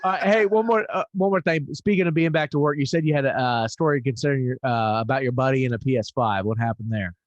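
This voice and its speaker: A man's voice: mid-range voice, fast talker, few pauses, no echo, lo-fi sound. A man hosting a podcast in casual chat, enthusiastic and steering the talk, laughing easily. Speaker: podcast host.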